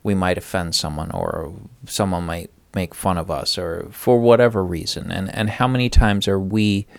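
A man's voice: low-pitched, steady tone, normal speed, vocal fry. A man reading a Bible passage and then talking earnestly about sharing faith with others. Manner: earnest, conversational, reads passage aloud. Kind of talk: Bible study discussion.

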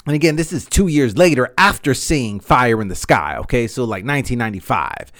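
Guy in his 30s rambling thru a story on his podcast, swears a lot, mid pitch. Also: a little fast. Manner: rambling, animated, swears freely, says "man" and "you know" a lot. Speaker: podcast host. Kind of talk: casual storytelling monologue.

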